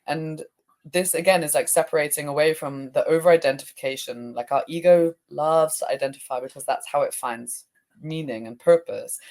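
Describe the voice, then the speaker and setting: A woman's voice: low-pitched, normal speed, a little mellow. A woman emotional release coach, talking as an interview guest in a reflective way, often searching for words with fillers. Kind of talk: conversational interview.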